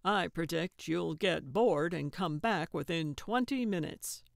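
An exasperated, sarcastic male sidekick in a cozy mystery audiobook, voiced by a woman narrator. He speaks slowly and dryly, with a weary, gravelly edge. The sound is close and dry. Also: on the low side, animated, dry recording. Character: exasperated dry-witted younger man sidekick. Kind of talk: audiobook character voice.

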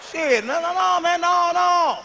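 A man with a very high, bright, forceful voice works a crowd in a profane stand-up routine. He mumbles one moment and shouts the next, and his words ring with a long hall reverb over faint noise. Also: a little slow. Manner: profane, swings from mumbled asides to shouted punchlines. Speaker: stand-up comedian.

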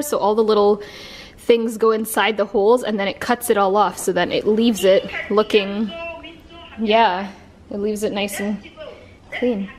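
A woman in her twenties with a Canadian accent chats casually to camera for her vlog from her apartment at home. Her voice sits in the mid range, with a little hiss or hum on the recording. She giggles a lot and fills her speech with "like."

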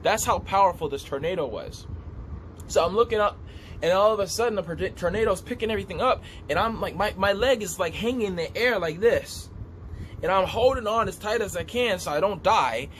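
A man telling a vivid dream story in a casual, animated way, repeating himself as he describes what he saw. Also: sits high, a little fast, slight background noise. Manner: animated, repetitive, gestures while describing. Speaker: vlogger recounting a dream.

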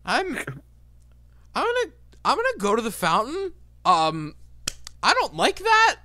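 Man as loud, stammering divorced man, high and rattled. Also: animated, a little slow, no echo, studio quality. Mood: panicked. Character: flustered divorced man, unable to cry.

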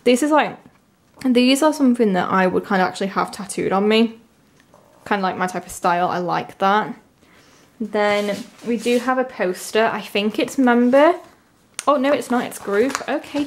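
Excitable young woman unboxing an album. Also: on the high side, measured pace, slight background noise. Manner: chatty, gushing, many "like" fillers; squeals with excitement over a lucky pull. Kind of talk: casual unboxing chat.

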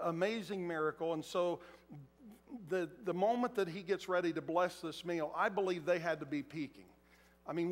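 A man preaching a sermon in a large church auditorium, talking conversationally and acting out quotes. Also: a little high. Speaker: pastor. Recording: echoey hall.

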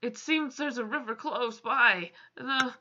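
A woman's voice: on the high side, a little slow, muffled recording, background noise. A woman playing a game on video, reading its text aloud and breaking off with swearing and exasperated asides. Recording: game music under the voice.

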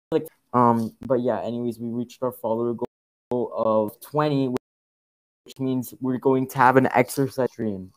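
A man's voice: mid-range voice, little pitch movement, a little slow, dry recording, poor audio. A young man streaming a horror game, thanking followers and repeating himself nervously as he plays. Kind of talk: casual live game commentary.

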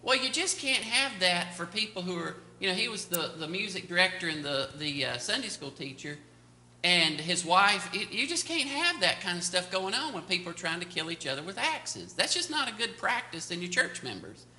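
Older pastor, bright and echoey. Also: male voice, high voice, big pitch swings, normal speed, a little hiss or hum. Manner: rambling storytelling with many fillers. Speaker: pastor teaching Sunday school. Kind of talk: anecdotal Bible lesson. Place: church classroom. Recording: echoey room.

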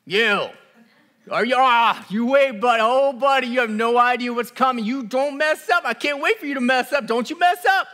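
A man preaching a sermon, putting on the voice of an angry, vengeful male God who can't wait to punish people, with taunting threats that climb into near-shouts. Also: very high-pitched, normal speed, pitched above the performer's own voice. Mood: gleeful menace.

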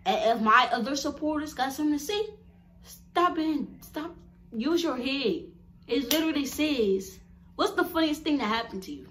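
A young woman vlogger chatting casually to her viewers, animated and blunt, laughing often as she tells stories. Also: high voice, brisk.

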